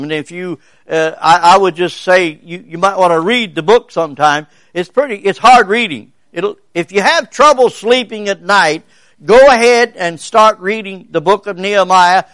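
A man preaches in a high voice, folksy and rambling, stopping and restarting as he goes. The sound is dry and close, with no room around it. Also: a bit bright, no room sound. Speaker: pastor. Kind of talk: sermon.

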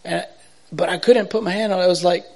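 A middle-aged man giving an emotional personal testimony, halting and repetitive, swinging from urgent to hushed. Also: high voice, steady tone, creaky. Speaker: testimony speaker.

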